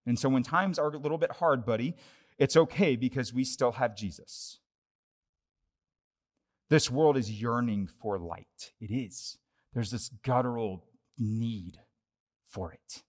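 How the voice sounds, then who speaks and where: A young adult man preaches to his congregation in a relaxed, conversational voice of middle pitch. He moves between quick, lively asides and quieter, earnest stretches. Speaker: pastor. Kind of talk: sermon.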